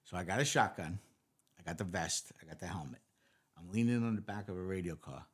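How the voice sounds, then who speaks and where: An older man, a retired police lieutenant telling animated stories as an interview guest and acting out the dialogue. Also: sits low, fairly quick, breathy edge. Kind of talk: casual storytelling interview.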